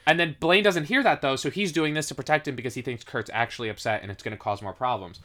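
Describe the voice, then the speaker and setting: Guy cohosting a podcast, bright voice, rambles, keeps saying like and restarting. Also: mid-range voice, quick pace. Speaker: podcast co-host. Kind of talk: casual chat.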